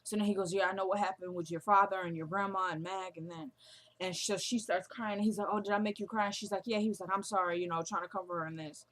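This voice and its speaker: A woman with a Southern American accent, casually recapping a TV episode and softly quoting the characters' lines as she goes. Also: steady tone, fast. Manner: chatty, retells scenes quoting characters in a low soft voice. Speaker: TV recap vlogger.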